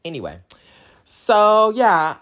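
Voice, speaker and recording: A woman's voice: mid-range voice, wildly swooping pitch, slow pace, fairly bright tone. Sassy woman on a profane comic rant. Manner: sassy, combative, profane bragging. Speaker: comedic ranting fan. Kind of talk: comedic rant to camera.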